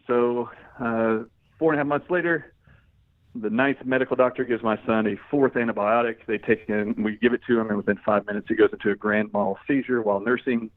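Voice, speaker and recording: A man's voice: on the low side, no echo. A middle-aged man telling a personal story as an interview guest, acting out the lines of the people in it. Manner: animated storyteller, acts out quoted dialogue. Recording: dry, phone-like narrow sound.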